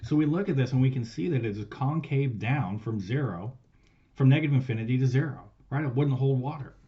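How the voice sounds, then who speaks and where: A man walks through a math lesson in a loose, offhand way and swears casually as he goes. His mid-pitched voice jumps from punchy stressed words to quiet trailing asides. The recording sounds slightly dull and lo-fi. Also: lively intonation, brisk. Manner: loose and profane, swears casually while explaining. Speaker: math teacher.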